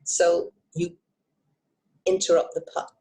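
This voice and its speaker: A woman hypnotist and trainer teaching self-help techniques on a video call, expressive and encouraging. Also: on the low side, slow pace, low-quality recording. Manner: lively, expressive, encouraging, with frequent asides. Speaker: hypnotist and emotional intelligence trainer.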